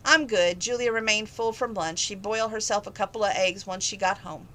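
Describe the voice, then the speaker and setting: A woman's voice: mid-range voice, fairly even intonation, a little fast, a bit bright, rough recording. A woman reading a novel aloud in a plain, casual way, with small slips and restarts. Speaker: reader. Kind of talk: casual read-aloud narration.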